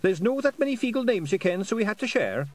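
Tiny Scottish pixie warrior, squeaky high and keen to help, in a storybook. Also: male voice, big pitch swings, fast talker. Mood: earnest. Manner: earnest, eager to help.

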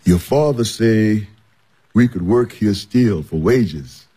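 A man voices an easygoing older servant in a radio drama. His voice is mellow and a little husky. He chuckles through his folksy talk. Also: fairly low pitch, animated, slow, exaggerated voice. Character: older folksy household servant, good-humored.

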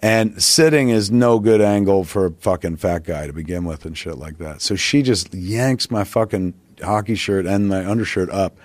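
A man's voice: low-pitched, moderate pace, hardly any pauses, no echo. Profane man telling a rambling story. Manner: profane, rambling anecdote with acted-out quotes. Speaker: podcast guest. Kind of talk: casual storytelling.

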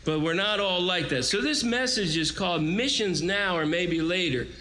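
Brief: forties male guest preacher, bright forceful voice, lively storyteller. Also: high voice, moderate pace, rough recording. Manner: animated storytelling with acted-out quotes. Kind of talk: sermon.

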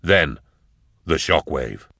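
A man reading scripted narration from an audiobook, in a steady, measured way. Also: a bass voice, no echo.

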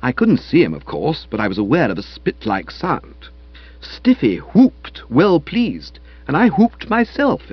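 Man, comic novel narration, wry, very lively pitch, husky, dry muffled recording. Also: no echo. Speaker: audiobook narrator. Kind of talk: comic novel read aloud.

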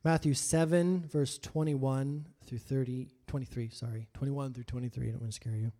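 A man's voice: mid-range voice, fairly even intonation, normal speed. Preaching man with swings in volume. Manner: acts out voices of biblical figures, swings from hushed to loud. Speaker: pastor. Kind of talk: sermon.

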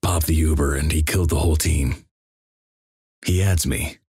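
A man reading an internet story aloud in a flat, deadpan manner. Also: a bass voice, normal speed, husky, no room sound, clean studio sound.

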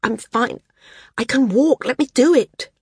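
A woman's voice: a little high, measured pace, slightly rough, no room sound, studio quality, voice pushed up, full character voice. A woman voicing an injured, stubborn young woman flyer in an audiobook, insistent and defensive. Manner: insistent, raised and strained. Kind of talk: audiobook character voice.

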